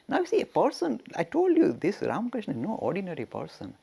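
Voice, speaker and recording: Husky guy telling a religious story, lots of ups and downs, laughs as he goes. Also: high-pitched, fast talker, few pauses. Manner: animated, chuckling, rhetorical questions. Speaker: religious teacher. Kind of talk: storytelling lecture.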